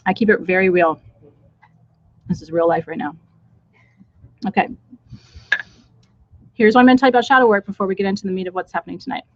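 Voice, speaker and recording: A woman's voice: medium pitch, quick pace, pauses often, no echo. A woman teacher guides a live ritual in loose, conversational talk, blunt and candid with frank asides. Her voice sits in a middle register. The sound is dull and lo-fi, with a dry, close room. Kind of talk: casual live-stream talk. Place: indoors with a small group in the room.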